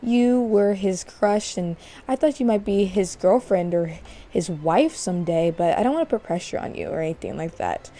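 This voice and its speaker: A woman voicing a kind, grieving mother of a fallen soldier, gently consoling a young woman. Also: mid-range voice, expressive, normal speed, close to an everyday voice. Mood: tender, sad.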